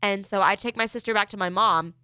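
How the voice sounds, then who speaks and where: A young woman hosting a podcast, telling a story in a lively way with lots of "like" fillers. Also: mid-range voice, a little fast, clear, resonant tone, dry recording, clean studio sound. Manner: animated storyteller, many "like" fillers. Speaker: podcast host. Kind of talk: casual chat.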